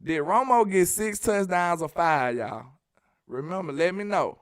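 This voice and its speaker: A man from Alabama, hosting a casual sports live stream, reading viewer messages and joking in a sing-song, animated way. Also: sits high, measured pace, clean tone, no room sound, studio quality.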